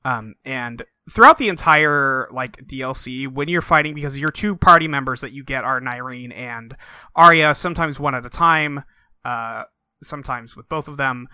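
Bright-voiced sarcastic young man. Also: medium pitch, clean tone, dry recording, clean studio sound. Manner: blunt and sarcastic, quick to mock. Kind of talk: casual chat.

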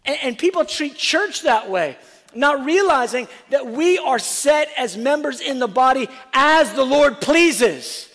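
A man with a very high voice preaches a sermon, swinging between loud, urgent lines and near-whispers. He acts out conversations as he goes. His voice rings with the long reverb of a church hall. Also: lively intonation, a little slow. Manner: acts out dialogue with the apostle in different voices. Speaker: pastor.

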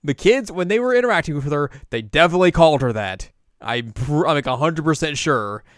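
A panicked young apprentice monk from a cartoon, put on by a man pleads in a loud, raised voice. He sounds frantic and eager to be believed, dry and close. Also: fairly high pitch, animated, brisk, no echo, voice pushed up, lightly acted.

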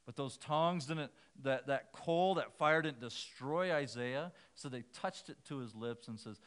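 A man's voice: medium pitch, a little slow, few pauses, smooth. A man preaching a sermon in a conversational way, shifting his emphasis as he quotes scripture. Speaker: pastor.

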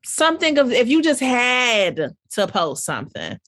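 A woman's voice: on the high side, wildly swooping pitch, measured pace, fairly bright tone. A woman co-hosting a podcast, blunt and sassy in casual chat. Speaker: podcast co-host.

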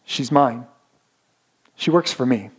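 Brief: a pastor doing a large, menacing pimp, quiet and scornful. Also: male voice, medium pitch, slow pace, breathy edge.

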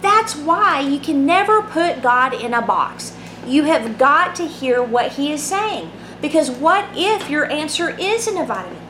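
A woman giving a conversational Bible teaching, reading scripture aloud and often checking in with her listeners with a quick "right?". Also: high-pitched, sing-song, a bit bright. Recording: roomy echo, faint background hum.

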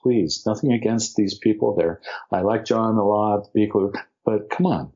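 A man's voice: on the low side, normal speed, slightly rough, dull audio. A man casually telling a story about his acting career, acting out the other people's lines. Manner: animated, acts out quotes of others.

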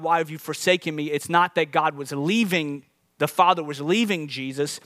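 A man's voice: sits high, a bit bright. A man, a lead pastor, preaching an earnest podcast sermon and repeating phrases as he builds to emphatic points.

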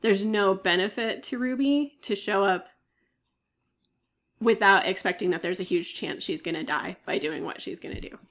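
A woman's voice: mid-range voice, normal speed, fairly bright tone. A woman co-hosting a casual fan podcast, laying out her points step by step and laughing often. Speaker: podcast co-host.

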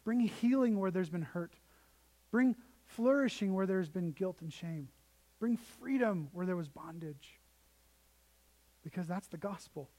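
A man's voice: sits high, animated, a little slow, long pauses, dark tone, rough recording. A young man preaching a sermon in a conversational storytelling way, often restarting sentences. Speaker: pastor.

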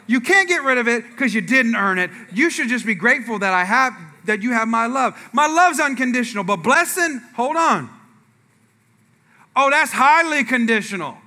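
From the church pulpit, a male pastor recounts a family story in his sermon, acting out the dialogue and turning aside to address the congregation. His voice is extremely high-pitched and sharp.

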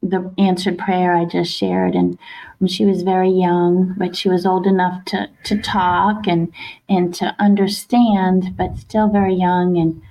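A woman telling a personal family story on a podcast in a heartfelt, halting way, with soft laughs. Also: fairly low pitch, gravelly, rough recording. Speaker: guest, author and wife of host.

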